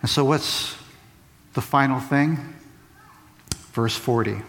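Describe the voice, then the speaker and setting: A man's voice: medium pitch, takes it slowly, vocal fry, pauses often, a bit bright. A man preaching a sermon, asking rhetorical questions and repeating key phrases for emphasis. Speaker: pastor. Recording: long reverb of a large hall.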